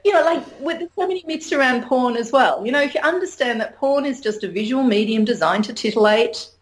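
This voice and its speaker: A middle-aged woman speaks openly and animatedly as a guest in an interview. Her voice sits on the higher side, and she laughs easily between points. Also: a little fast. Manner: frank, animated, laughs often. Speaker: interview guest, sex educator. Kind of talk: candid conversational interview.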